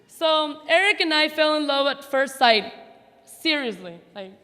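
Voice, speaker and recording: A woman's voice: high voice, expressive, measured pace, pushed and bright. A woman in her thirties giving a memorial speech, telling a personal story in a chatty, laughing, self-teasing way, recorded live in a large hall. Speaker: memorial speaker. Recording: hall reverb, live event.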